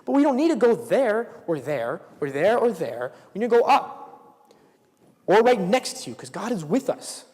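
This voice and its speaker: A man's voice: high voice, very animated, normal speed, darkish tone. A young man giving a casual sermon as a student speaker, talking conversationally and dropping into whispers when he acts out quotes. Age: young adult. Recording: reverberant hall, live stream.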